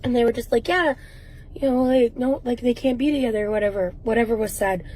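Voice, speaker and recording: A woman's voice: on the high side, quick pace, darkish tone, poor audio. Rambling woman telling a personal story. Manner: rambling, many fillers and restarts. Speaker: vlogger in a clip.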